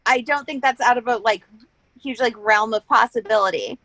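A woman from Florida on a video call, with deadpan, self-mocking humor. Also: on the high side, normal speed, poor audio. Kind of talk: casual video call chat.

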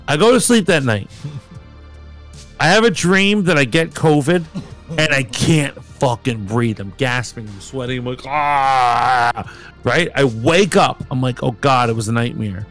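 A man's voice: medium pitch, expressive, unhurried, a bit bright, soft background music. Rambling, foul-mouthed male podcast co-host. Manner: rambling storyteller, swears casually. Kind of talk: casual chat.

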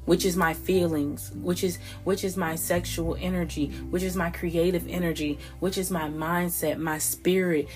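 A woman's voice: lowish voice, steady tone, normal speed, few pauses. A woman doing a casual spiritual card reading, rambling and restarting her sentences, swearing freely and talking straight to her listeners as y'all. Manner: rambling, profane, frequent restarts; addresses listeners directly as y'all. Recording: clear music playing behind.

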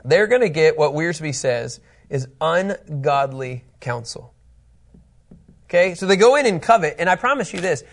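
A man's voice: a little high, gravelly. A middle-aged man teaching a Bible study lesson in a conversational, joking way. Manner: conversational, animated, jokey.

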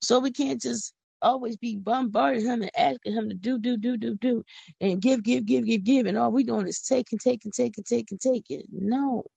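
Husky, gravelly woman preaching with fervor. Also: fairly high pitch, normal speed, warm tone, no room sound. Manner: fervent, folksy, repeats words for emphasis. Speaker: podcast host. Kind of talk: preaching devotional talk. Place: home.

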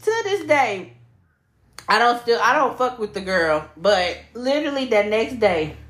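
A young woman co-hosting a podcast, telling a story in casual chat with lively, profane retellings and acted-out quotes. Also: fairly high pitch, unhurried. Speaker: podcast co-host. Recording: echoey room.

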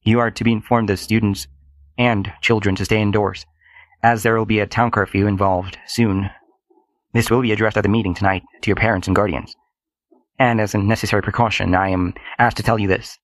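A man voicing a calm male police officer giving formal, measured instructions. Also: lowish voice, no echo, natural voice.

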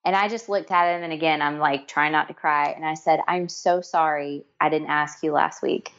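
A woman's voice: low-pitched, steady tone, normal speed, fairly bright tone, muffled recording. A middle-aged woman telling heartfelt stories in conversation, earnest and emotional, with many restarts and fillers. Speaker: guest. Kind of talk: storytelling in conversation.

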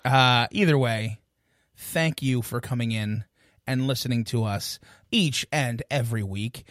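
A man's voice: medium pitch, a little slow, a bit bright, no room sound, clean studio sound. Joking, rambling male podcast host. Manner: joking, rambling, self-deprecating. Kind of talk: casual podcast chat.

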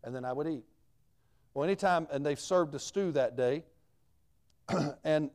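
A man's voice: medium pitch, measured pace, long pauses, darkish tone. A man in a mid-range voice preaches a sermon as a missionary. He tells the story in a plain, folksy way, with country grammar.

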